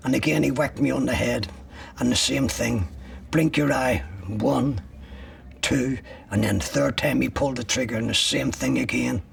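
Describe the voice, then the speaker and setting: A man's voice: medium pitch, moderate pace, gravelly, distant mic. An older man being interviewed, telling a harsh personal story bluntly, with frequent swearing. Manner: blunt, profane, vivid storytelling. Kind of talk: recounting personal ordeal.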